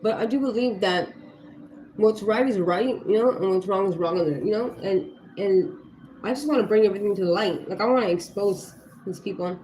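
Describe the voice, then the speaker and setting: A mother of young children livestreams casual talk, heated and blunt, swearing often and packing her speech with "you know" and "like." Her voice is medium-pitched and mellow at a normal pace. The room is echoey, with faint ambient noise.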